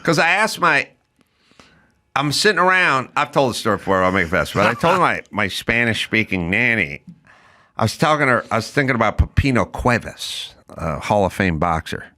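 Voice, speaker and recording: Bright, lively man riffing sarcastically. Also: medium pitch, moderate pace. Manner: sarcastic riffing with mock accents. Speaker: podcast host. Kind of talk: casual chat.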